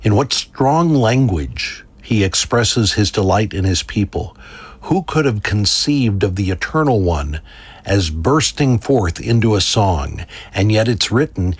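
A man giving a devotional reading in a solemn, measured way. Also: lowish voice, lively intonation, husky, no room sound. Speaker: preacher.

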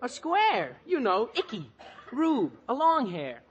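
An actor playing an eager, excitable teenage boy in a 1940s radio comedy, bouncy and slangy, with a breathy tone. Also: extremely high pitch, slow, slight background noise, exaggerated voice. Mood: cocky.

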